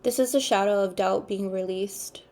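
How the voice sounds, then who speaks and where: A woman giving an intuitive tarot card reading, speaking in an unhurried, earnest way and repeating her spiritual phrases. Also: mid-range voice, a little mellow. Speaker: tarot reader.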